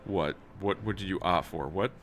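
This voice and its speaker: Low-voiced guy streaming a game, reads the text out loud, swears a lot, bit of background hiss. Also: moderate pace. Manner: casual, swears, stumbles while reading. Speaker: streamer playing a role-playing video game. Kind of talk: casual gameplay livestream, reading game text aloud.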